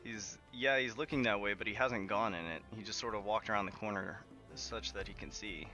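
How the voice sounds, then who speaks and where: A man running a tabletop game as game master, narrating in a relaxed, casual way full of fillers. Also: lowish voice, fairly quick, lo-fi sound, music in the background.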